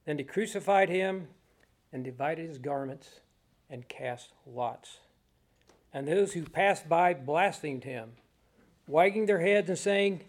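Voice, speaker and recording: A man reading Bible passages aloud in a measured, solemn way, pausing between phrases. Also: a little high, expressive. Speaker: scripture reader.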